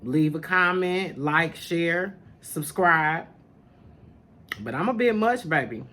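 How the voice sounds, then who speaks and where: A woman's voice: on the low side, lively intonation, takes it slowly, a bit bright. A woman hosting a spiritual podcast in casual talk to camera, sassy and familiar, calling listeners honey and baby. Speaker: podcast host, spiritual teacher.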